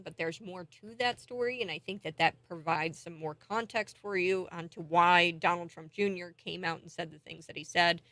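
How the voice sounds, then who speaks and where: A woman's voice: fairly low pitch, dry recording. A woman hosting a morning talk show, giving chatty, indignant political commentary. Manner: chatty and indignant, thinks out loud.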